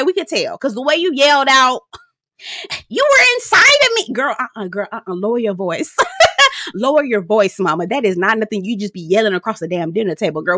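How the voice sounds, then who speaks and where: Young woman, blunt and sassy recapper, higher voice, dry close sound. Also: bright, forceful tone, no echo. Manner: sassy, blunt and profane, laughs often; chatty, speaks straight to viewers. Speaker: reality show recapper. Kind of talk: casual commentary recap.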